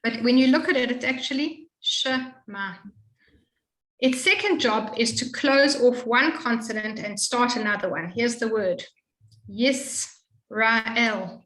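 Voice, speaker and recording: A woman tutoring a student in Hebrew reading, explaining patiently and slowly modeling each sound. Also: on the high side, roomy sound, rough recording. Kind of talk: one-on-one reading lesson.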